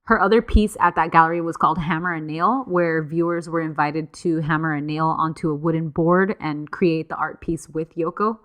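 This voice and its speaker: Lowish-voiced woman, chatty podcast storyteller. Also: fairly even intonation, fairly bright tone. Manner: casual, acts out quotes in quick playful voices. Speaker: podcast co-host. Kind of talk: casual storytelling chat.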